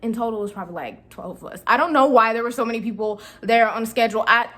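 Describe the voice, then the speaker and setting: A woman's voice: a little high, quick pace, a bit bright. A young woman vlogger telling a casual storytime, chatty and slangy, talking straight to her viewers.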